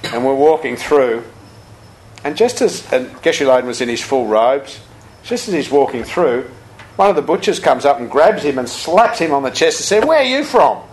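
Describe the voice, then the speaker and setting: An older man, a Buddhist teacher giving a talk full of anecdotes, told with lively chuckles. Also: mid-range voice, moderate pace, rough recording.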